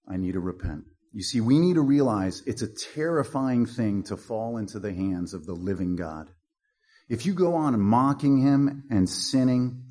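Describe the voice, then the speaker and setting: A man's voice: fairly low pitch, dark tone. A male pastor preaching a sermon in a blunt, punchy way, with mocking asides.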